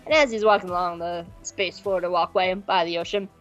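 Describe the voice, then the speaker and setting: A woman's voice: lowish voice, steady tone, lo-fi sound, soft background music. A woman co-hosting a podcast, recapping an episode in casual chat and briefly acting out the characters. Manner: playful, acts out characters in quick impressions. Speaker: podcast co-host.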